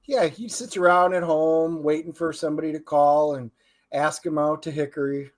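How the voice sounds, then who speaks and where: A man's voice: fairly high pitch, fairly even intonation, normal speed. A man co-hosting an interview show, joking around and plugging events in a casual chat. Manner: playful, joking plugs and banter. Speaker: co-host.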